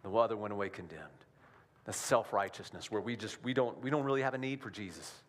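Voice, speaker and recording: A man's voice: on the low side, fast talker. A male pastor giving a sermon in a conversational style, often checking in with the congregation through rhetorical questions.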